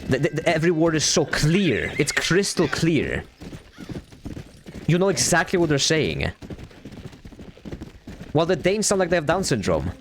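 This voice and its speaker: A young Norwegian man streams a game into a desk mic. He talks in a fairly high voice with big swings in pitch, repeating himself and cursing bluntly. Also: normal speed, long pauses, a little hiss or hum. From Norway. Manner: animated, repetitive, blunt and crude. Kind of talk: casual gaming stream chat.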